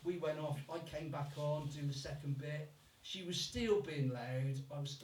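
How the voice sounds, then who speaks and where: A stand-up comedian from Birmingham performs his set in a live comedy club, his fairly high male voice moving at a moderate pace with hardly any pauses. He swears freely and puts on voices for different accents. The recording comes from far off in an echoey room, with slight background noise.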